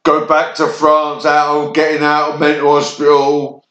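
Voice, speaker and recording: A man's voice: fairly high pitch, monotone, moderate pace, a bit bright, highs cut off. A man from Kent with a southern English accent, telling a rambling personal monologue in short, fragmented bursts that jump between memories. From Kent, England. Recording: echoey room.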